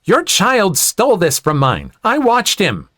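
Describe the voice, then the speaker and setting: A man's voice: a little high, very animated, measured pace, a bit bright, dry recording, clean studio sound, voice pushed up. A man voicing a pushy, entitled woman who talks down to others in a haughty, accusing way.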